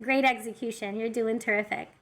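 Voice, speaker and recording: A woman VTuber reading Reddit posts aloud and commenting on them in a giggly, animated way. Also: on the high side, a little fast. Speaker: VTuber streamer.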